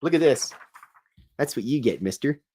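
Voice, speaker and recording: A man's voice: medium pitch, expressive, normal speed, mellow, slightly rough. A man hosting a casual livestream, chatting and rambling while he draws. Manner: rambling, chatty, self-deprecating. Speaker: show host.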